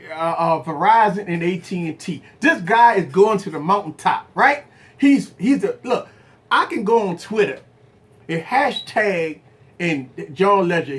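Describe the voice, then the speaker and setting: A tech channel host who also owns a business argues his opinions with viewers on a livestream, calling them "guys" as he speaks straight to them. His pitch swoops up and down with animated energy, and he drives his points home with repeated phrases and rhetorical questions.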